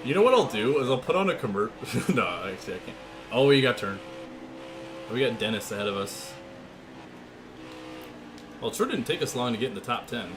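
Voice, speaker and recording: A young man livestreaming a racing game from his room, chatting and joking with his viewers in quick asides. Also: mid-range voice, lively intonation, music in the background. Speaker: gaming streamer. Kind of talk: live stream chat and play-by-play. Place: home room. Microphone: desk mic with webcam.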